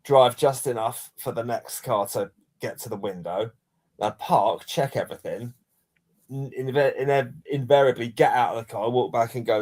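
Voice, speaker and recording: An English man co-hosting a casual podcast chat, rambling through anecdotes with plenty of false starts. His pitch sits right in the everyday middle for a man, and his delivery is relaxed and conversational. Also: moderate pace. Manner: rambling storyteller, many restarts. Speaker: podcast co-host.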